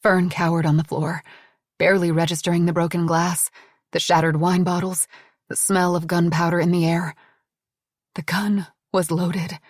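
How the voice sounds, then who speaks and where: A woman's voice: on the low side, flat delivery, moderate pace, no echo. A woman narrating an audiobook in a dramatic, tense storytelling manner on a close studio mic.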